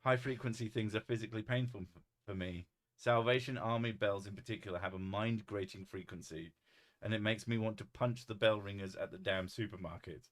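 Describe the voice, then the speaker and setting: A man's voice: lowish voice, fairly even intonation, a little fast. A man reading chat aloud on a casual livestream, laughing often and swearing freely. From United Kingdom.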